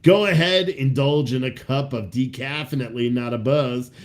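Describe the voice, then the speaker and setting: Casual male host, mid-pitch, reads hammy product copy and keeps laughing at himself. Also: moderate pace. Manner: laughs at his own jokes, swears freely. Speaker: podcast host. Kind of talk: casual reading of coffee ad copy.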